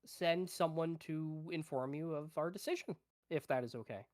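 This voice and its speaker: A player at a tabletop game, talking in a halting, polite way with many fillers. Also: mid-range voice, a little mellow. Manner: halting, polite speech in character.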